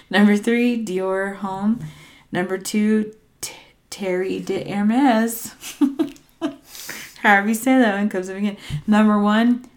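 Slow, hesitant woman reading a list. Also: medium pitch, fairly even intonation. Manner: hesitant, unsure pronunciations, trailing asides. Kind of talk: casual chat reading out a ranked list.

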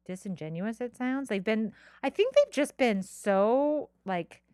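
A woman's voice: on the high side, animated, unhurried, darkish tone, clear, resonant tone, no echo, clean studio sound. A woman in her thirties co-hosting a podcast, chatting casually, rambling, laughing often and swearing. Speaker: podcast co-host. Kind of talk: casual chat.

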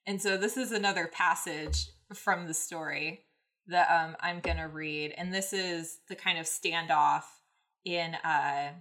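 A woman hosts a podcast and recaps a story in a loose, rambling way, full of fillers. Her voice is bright and forward. She keeps it casual and chatty. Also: on the low side, steady tone, measured pace. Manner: rambling, many ums and likes, laughing. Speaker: podcast host. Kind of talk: casual fanfic recap and reading.

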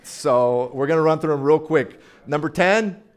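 A man's voice: a little high, normal speed. A man giving a casual sermon as guest preacher, chatty and playful, talking straight to his audience.

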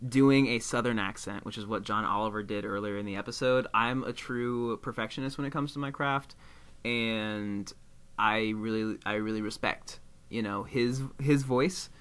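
A man's voice: lowish voice, steady tone, normal speed, a bit bright, clean tone. A man co-hosting a podcast, chatting casually about a TV episode with self-mocking jokes. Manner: joking, self-mocking, laughs often. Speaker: podcast co-host.

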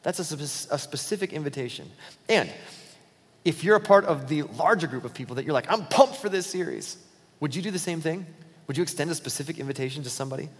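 Pastor preaching in a ringing hall. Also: male voice, on the high side, expressive, husky. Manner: conversational, acts out quick dialogues in his talk. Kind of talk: sermon. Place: church auditorium.

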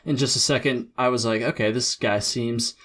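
A young man hosts a podcast in a loose, friendly chat. He laughs often and trips over his words as he restarts sentences, sounding relaxed and unscripted. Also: medium pitch, moderate pace. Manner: laid-back, laughs often, many fillers and restarts. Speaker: podcast host. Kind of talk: casual podcast interview.

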